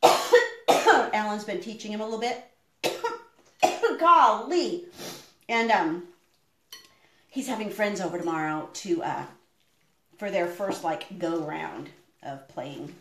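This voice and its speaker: A woman's voice: mid-range voice, slight background noise. A middle-aged woman chatting casually on a live stream while she cooks in her home kitchen. She rambles, with plenty of fillers. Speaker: homestead vlogger. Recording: echoey room.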